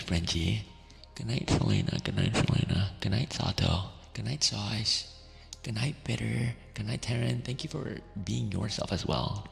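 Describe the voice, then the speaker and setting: Deep gravelly man, soft ASMR whisper. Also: long reverb tail. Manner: gentle, affectionate, laughs often, slips between whisper and soft voice. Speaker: ASMR streamer. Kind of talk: ASMR stream wrap-up, soft whispered affirmations.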